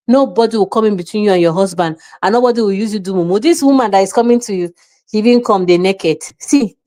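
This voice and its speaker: This show host is a woman with a Nigerian accent and a medium-pitched voice. Forceful and opinionated, she lectures her audience, blends in Pidgin, and performs short scenes in quoted voices.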